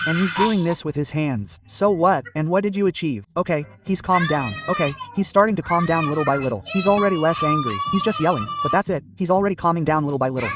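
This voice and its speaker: A man's voice: on the high side, quick pace, hardly any pauses, distant mic, background noise. A man hosting a casual reaction video, exclaiming and joking with his viewers as he comments on clips.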